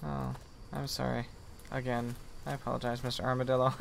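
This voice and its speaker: A man's voice: medium pitch, little pitch movement, brisk, creaky, a little hiss or hum. A young man giving casual, self-mocking commentary as he plays a survival game. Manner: chatty, self-mocking, mock apologetic to game animals. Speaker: gaming video host.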